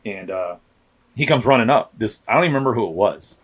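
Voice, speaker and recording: A police officer in his thirties tells rambling stories in casual podcast chat, speaking fast and expressively in a fairly low, slightly rough voice. He restarts his sentences and acts out quotes.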